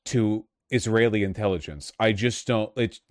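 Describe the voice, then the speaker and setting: Sarcastic man commenting, low voice, dry mic. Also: moderate pace, dry recording. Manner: sarcastic, restless, many restarts. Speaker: political commentator. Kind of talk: casual commentary, reading articles aloud.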